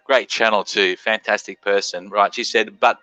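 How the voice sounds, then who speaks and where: A man's voice: lowish voice, steady tone, moderate pace, sharp tone, no room sound, dull audio. An Australian man hosting a live stream, chatting casually, swearing freely and greeting viewers in the chat.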